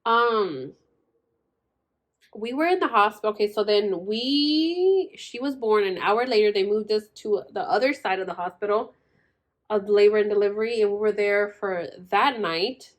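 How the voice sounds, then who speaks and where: A woman's voice: mid-range voice, expressive, moderate pace. A young woman vlogger telling her birth story in a chatty way, full of "like" and "girl", acting out the other people's lines. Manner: chatty, says "like" and "girl" constantly, acts out quoted voices. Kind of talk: casual storytelling.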